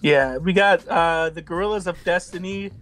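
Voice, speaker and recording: A man co-hosting a wrestling podcast, talking in a casual, profane, excitable and joking way. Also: sits high, normal speed. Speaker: podcast co-host. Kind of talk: casual chat.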